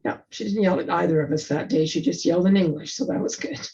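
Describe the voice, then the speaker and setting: A middle-aged woman telling a family story in a casual discussion, chatty and halting with restarts. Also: on the low side, dark tone. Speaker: presenter. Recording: dull lo-fi sound.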